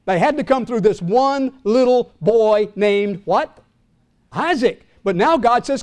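Older male pastor, high-pitched, dramatic sermon delivery, rises loud and drops to a hush, quizzes the congregation. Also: expressive, slow pace. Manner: dramatic preaching, swinging from loud to hushed; asks the congregation questions.

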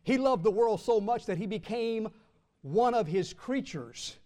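Brief: high-pitched male pastor, sermon delivery, stretches key words, pauses for the congregation to fill in answers. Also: lively intonation, a little mellow. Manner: calls out questions for the congregation to answer; draws out key words slowly for emphasis.

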